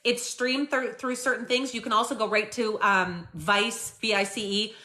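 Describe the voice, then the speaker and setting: Bright-voiced chatty woman host. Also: fairly high pitch, moderate pace. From Canada. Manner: chatty, animated retelling with many fillers. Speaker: live-stream host. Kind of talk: casual live-stream chat.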